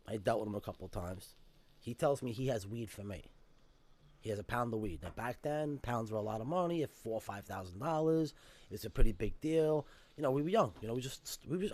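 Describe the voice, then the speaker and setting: Fast-talking New man telling a story. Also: mid-range voice, a little mellow. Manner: emphatic, profane street-style talk. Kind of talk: casual storytelling.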